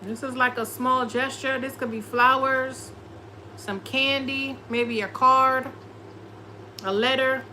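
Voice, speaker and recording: A woman's voice: high-pitched, fairly even intonation, slow pace, bright, forceful tone, slight background noise, poor audio. A woman doing a casual tarot reading, sassy and profane, often slipping into quoted voices. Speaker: tarot reader.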